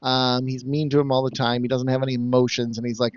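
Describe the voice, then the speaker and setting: A man's voice: medium pitch, flat delivery, fast, few pauses, clean tone, no echo, lo-fi sound. A man co-hosting a casual podcast, rambling through jokey plot recaps and slipping into mock quoted voices. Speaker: podcast co-host summing up episodes.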